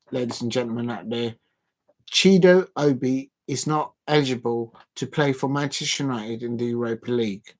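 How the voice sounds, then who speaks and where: A man hosting a football watch-along livestream in casual, rambling chat, calling out to the fans watching. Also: mid-range voice. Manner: rambling, chatty, addresses fans directly. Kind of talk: casual live-stream chat.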